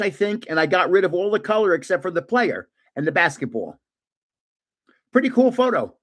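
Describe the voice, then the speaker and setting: Older New man, rambling and high-voiced. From New Jersey. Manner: rambling, with frequent restarts and trailing asides. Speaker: live stream host. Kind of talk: casual storytelling.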